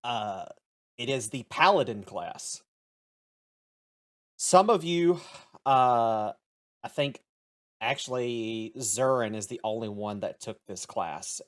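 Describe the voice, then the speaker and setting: A man in a middle pitch runs a tabletop role-play session as game master. He explains the scene at a measured, deliberate pace. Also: lively intonation.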